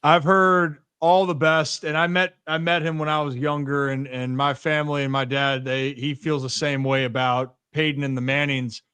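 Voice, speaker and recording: A man's voice: fairly high pitch, flat delivery, normal speed, few pauses, bright, forceful tone, clean tone. A young adult man hosting a podcast, chatting casually and asking eager questions. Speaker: podcast host. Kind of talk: casual interview chat.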